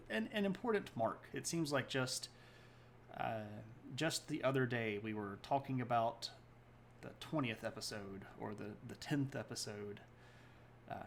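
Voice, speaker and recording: A man with a mid-range voice hosts a history livestream, rambling and correcting himself as he chats with viewers between points. It's casual livestream talk, with slight background noise.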